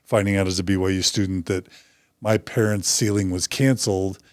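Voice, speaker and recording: A man's voice: low voice, fairly even intonation, a little fast, a little mellow, no echo, clean studio sound. A man hosting a podcast interview who speaks earnestly and sympathetically while reflecting on the topic. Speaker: podcast host.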